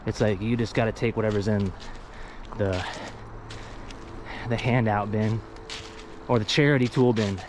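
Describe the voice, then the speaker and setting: A man's voice: on the low side, steady tone, unhurried, long pauses. Out-of-breath male vlogger, chatty self-narration, handheld camera mic outdoors, faint background noise. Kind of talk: casual vlog narration. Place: outdoor junkyard.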